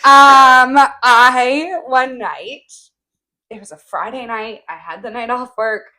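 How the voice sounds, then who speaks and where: Young woman podcast co-host, bubbly giggly storyteller, slightly high-pitched, buzzing with energy. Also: takes it slowly, bright, forceful tone. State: wired on an energy drink. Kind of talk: casual chat.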